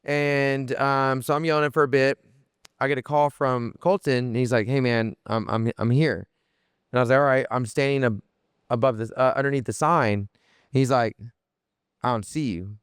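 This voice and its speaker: Young male podcast guest, smooth clear voice, mid pitch, animated rambling storyteller. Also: normal speed, dry recording, studio quality. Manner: animated, lots of fillers and restarts, swears freely. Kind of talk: casual storytelling.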